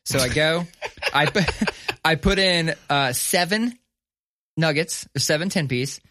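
A man, co-hosting a podcast, telling a story in casual chat, animated and profane, acting out the voices of people in his story. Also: on the high side, measured pace, dry recording, clean studio sound. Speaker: podcast co-host.

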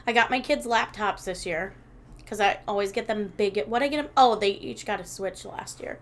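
A woman in her thirties chatting casually as a podcast co-host, telling animated stories, laughing often and swearing freely. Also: mid-range voice, moderate pace, slight background noise. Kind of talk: casual chat.

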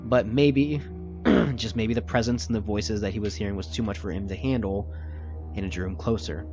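A man's voice: lowish voice, fairly even intonation, moderate pace, highs cut off, music in the background, natural voice. A man voicing a stern, commanding older male leader who lectures bluntly and swears. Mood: grave.

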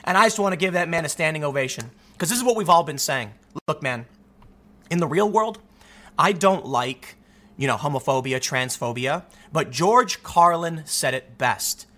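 A man giving opinionated solo commentary in an emphatic, animated way, often repeating words as he gets going. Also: on the high side, moderate pace. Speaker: political commentator.

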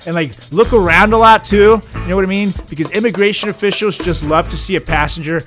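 A man co-hosting a comedic podcast, deadpan and ironic, often trailing off into mumbles. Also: high-pitched, fast, soft background music. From Latin America. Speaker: podcast co-host.

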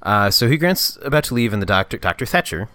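Deep-ish guy on a movie podcast, super expressive, does dumb voices, dry sound. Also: fast, dry recording. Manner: animated, acts out scenes in silly voices. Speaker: podcast co-host. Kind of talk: casual movie review chat.

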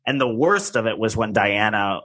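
A man's voice: lowish voice, lively intonation, moderate pace, a bit bright. A man co-hosting a podcast in casual chat, gossipy and full of filler words. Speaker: podcast co-host.

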